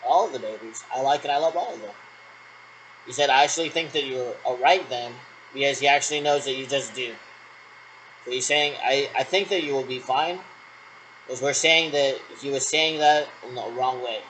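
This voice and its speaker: A man's voice: mid-range voice, moderate pace, a bit bright, slight background noise, low-quality recording. A man in a rambling solo monologue who repeats himself and answers his own questions.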